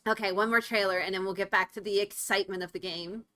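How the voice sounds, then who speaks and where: A woman's voice: mid-range voice, fast talker, poor audio. A woman streaming, chatting casually to her viewers with plenty of "like" and "oh, shucks" exclamations. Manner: chatty, excitable, peppered with "like" and "oh, shucks". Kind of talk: casual chat while watching trailers. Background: trailer and game music.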